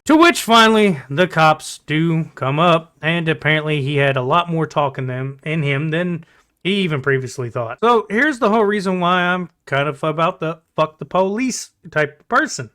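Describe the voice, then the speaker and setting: High, bright-voiced blunt storyteller man. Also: lively intonation, normal speed. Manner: blunt, profane, exasperated. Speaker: storytelling vlogger. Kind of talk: casual storytelling.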